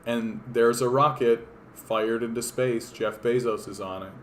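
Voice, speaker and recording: Canadian-born male streamer; loose, profane, sardonic delivery full of "like" and restarts, average pitch, faint background noise. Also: fairly even intonation, measured pace. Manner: rambling, profane, with many fillers and restarts. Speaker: political livestream host. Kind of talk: casual livestream commentary.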